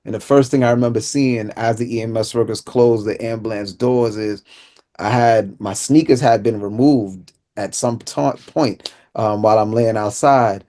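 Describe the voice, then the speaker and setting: Low-voiced man telling a personal story. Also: steady tone, normal speed, mellow. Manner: vivid storyteller acting out dialogue. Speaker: inspirational speaker. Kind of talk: personal testimony.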